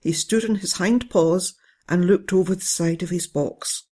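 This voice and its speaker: A storyteller reading a children's bedtime story in a gentle, steady way. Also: mid-range voice, normal speed, slightly rough. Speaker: narrator.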